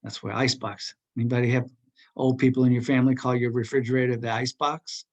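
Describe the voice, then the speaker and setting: A male teacher talks casually in class, rambling from point to point with plenty of ums and uhs. He keeps things light and joking, at a medium pitch for a man. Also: level tone, fast. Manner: rambling, joking, full of fillers.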